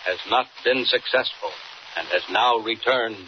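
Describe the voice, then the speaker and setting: A man narrating a radio serial in a measured, formal announcer's style. The broadcast sounds dull and muffled, and a clear hiss runs behind him. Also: medium pitch. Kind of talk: scripted narration.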